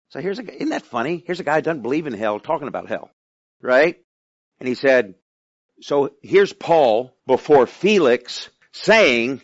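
Male preacher, mid-pitched, talking with the congregation; dry, muffled recording. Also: expressive, measured pace, no room sound. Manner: conversational, asks the listeners questions. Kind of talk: sermon.

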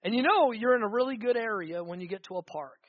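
A man's voice: high-pitched, fast talker, no echo, muffled recording. A man preaching a sermon as pastor, with rising fervor and repeated emphatic phrases.

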